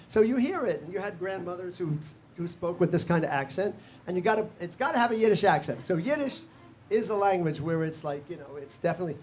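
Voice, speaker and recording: A high-voiced older man teaches a room full of players. He chats casually, hums the tunes out loud and counts the band in. Faint room noise hangs behind him. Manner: scats melodies, counts in, laughs often. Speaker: workshop leader. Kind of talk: teaching a live music workshop.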